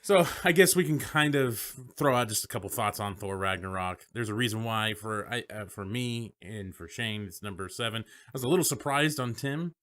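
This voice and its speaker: A man co-hosting a podcast in loose, casual chat. His voice is bright and forceful, and he jokes around, swears freely and breaks into laughter often. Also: fairly low pitch, animated, moderate pace, few pauses. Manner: joking, profane, laughs often. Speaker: podcast co-host. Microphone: remote guest on a phone line.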